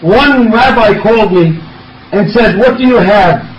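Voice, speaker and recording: Man, eulogy speaker, passionate storyteller with a high voice, shouts his points, distant mic in an echoey room with faint noise. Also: a little slow, lo-fi sound. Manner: impassioned, rising to shouts for emphasis; storytelling with quoted dialogue. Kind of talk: emotional memorial eulogy. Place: room with an audience.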